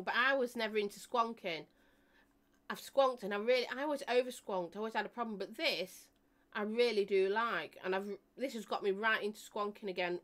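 A woman hosts a live stream, chatting casually with viewers, joking and laughing often as she reads their comments aloud. Her voice is medium-pitched and a bit bright.

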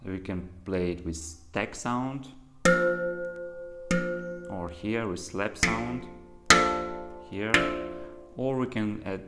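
Slow, deep-voiced man teaching handpan. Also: loud music behind the voice. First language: Russian. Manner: plain, patient explaining in simple non-native English. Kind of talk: music lesson instruction. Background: handpan playing.

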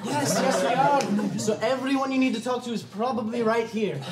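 A man's voice: extremely high pitch, moderate pace. A man putting on a blustering Scotsman. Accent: put-on Scottish. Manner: hammy, theatrical. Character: blustering self-important Scottish man. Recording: roomy, distant, noisy crowd.

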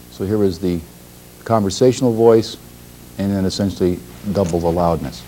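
A man teaching a class, explaining a lab demonstration in a measured way, pausing and clearing his throat now and then. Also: sits low, dark tone, low-quality recording. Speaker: instructor.

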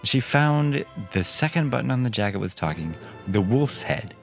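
A man reading a children's story aloud and breaking in with sarcastic, deadpan asides. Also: medium pitch, normal speed, gravelly, soft background music. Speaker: reader and host. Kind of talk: audiobook reading with sarcastic commentary.

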